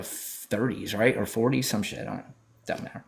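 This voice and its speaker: A man's voice: fairly low pitch, steady tone, normal speed, creaky. A man hosting a political livestream, talking in a brash, profane, mocking way, thanking viewers and scolding callers. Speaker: livestream host.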